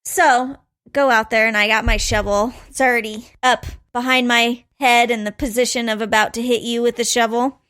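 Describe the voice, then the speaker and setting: A woman co-hosting a podcast, telling a story in a casual, animated way, laughing often and acting out quotes. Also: on the high side, moderate pace, clean tone. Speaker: podcast co-host.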